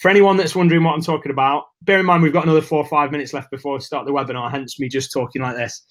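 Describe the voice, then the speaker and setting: A man's voice: a little high, fairly even intonation, racing, a bit bright. A man hosting a live webinar, chatting casually and greeting viewers by name, a bit nervous. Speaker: webinar host.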